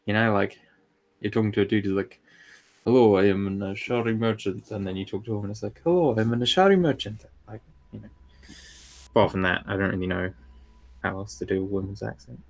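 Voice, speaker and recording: A man chats casually with his fellow players, full of jokey banter. His voice sits a little low. He talks loosely, with plenty of asides. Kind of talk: casual chat between players.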